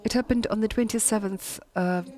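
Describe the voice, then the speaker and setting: A woman's voice: mid-range voice, steady tone, a little mellow. German-accented woman historian giving a lecture. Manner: halting, with many filler pauses. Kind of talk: lecture read from a prepared text.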